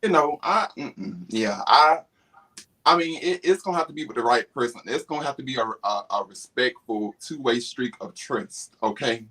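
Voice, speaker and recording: A man's voice: medium pitch, expressive, normal speed, sharp tone, rough recording. A man talking frankly and bluntly as a co-host in a casual live chat, often restarting his sentences.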